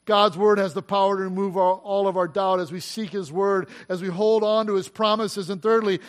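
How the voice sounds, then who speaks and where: Middle-aged male pastor with a high voice, preaching with rising emphasis and rhetorical questions. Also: steady tone, a little fast, few pauses. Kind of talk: sermon.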